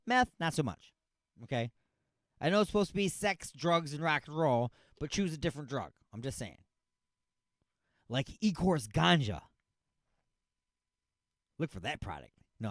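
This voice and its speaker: A man's voice: on the high side, no room sound, studio quality. A man hosting a comedic radio talk show, rambling and jokey, repeating himself and stretching words for effect. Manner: rambling, jokey, mock-outraged.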